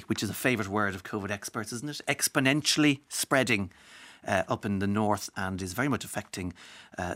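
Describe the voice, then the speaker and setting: A man's voice: lowish voice, a bit bright. A man from Ireland hosting a radio show, chatting wryly and slipping into mock accents now and then. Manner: chatty, wry, mimics accents. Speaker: radio host. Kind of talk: casual radio chat.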